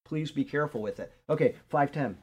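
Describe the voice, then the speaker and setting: A man's voice: on the high side, a little fast, darkish tone, slightly rough. An older man teaching a Bible class in an earnest, conversational way, often checking in with his listeners. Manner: conversational, earnest, frequent "okay?" check-ins.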